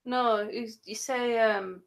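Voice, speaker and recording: A woman's voice: on the high side, fairly even intonation, creaky. A woman co-hosting a casual livestream, teasing the host and giggling often. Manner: giggly, teasing, slow-spoken.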